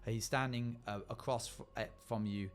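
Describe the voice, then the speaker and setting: A man's voice: medium pitch, steady tone, a little hiss or hum. A man narrating a role-play game as a streamer, with frequent halts and fillers. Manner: halting, filler-heavy narration.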